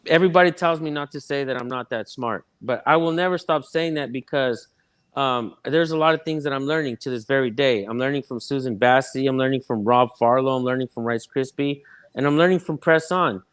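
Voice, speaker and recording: A man's voice: medium pitch, a little fast, smooth, no room sound, studio quality. A man speaking as a guest in a casual livestream chat, laid-back and slangy with lots of fillers.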